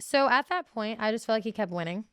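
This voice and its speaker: A woman's voice: a little high, expressive, fast, clean tone, no room sound, clean studio sound. A woman in her twenties, a guest telling her story in casual chat, emotional and full of fillers.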